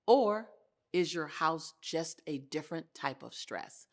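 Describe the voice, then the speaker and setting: A woman hosting a motivational talk to camera on an indoor set, speaking in an expressive, animated way and laughing often. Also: sits low, takes it slowly.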